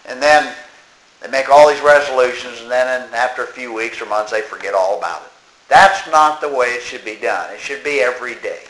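A man preaching a sermon, slow and emphatic, reciting verse and scripture and mimicking people mockingly. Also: mid-range voice, a bit bright. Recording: echoey room.

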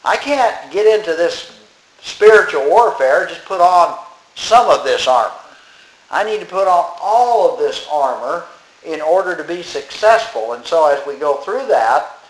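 A man preaches in a plain, conversational way, slowing down to lean on key words when he reads scripture. His voice sits a touch high for a man. The sound is roomy, with the echo of a church sanctuary. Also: animated. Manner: plain-spoken, reads scripture slowly with emphasis. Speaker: pastor. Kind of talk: sermon.

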